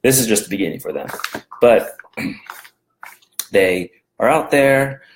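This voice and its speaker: A man's voice: on the low side, animated, slow pace, creaky, a little hiss or hum, rough recording. A man giving a casual daily Bible verse talk from home, rambling and conversational, with many fillers and restarts. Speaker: devotional video host.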